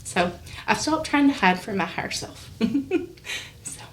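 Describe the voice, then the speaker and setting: Animated woman telling a long story. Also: mid-range voice, unhurried. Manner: animated, acts out quoted dialogue, laughs often; emotional, close to tears at times. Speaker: podcast guest. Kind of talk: casual storytelling. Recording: voice a bit far from the mic, faint hiss.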